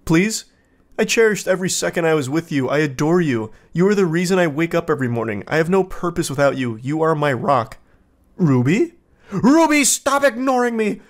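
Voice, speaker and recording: A man's voice: animated, fairly quick, natural voice. A man reading out texts in the voice of an obsessive, lovesick young man who pleads and flares into outrage. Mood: pleading, clingy. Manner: pleading, then shrill and outraged.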